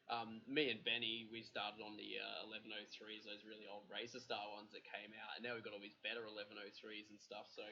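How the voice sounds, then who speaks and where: A man's voice: on the low side, completely flat delivery, fast, vocal fry, few pauses, sharp tone. A man co-hosting a livestream, chatting in a laid-back, slangy way. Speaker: co-host. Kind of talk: casual chat. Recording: dull lo-fi livestream audio with faint noise.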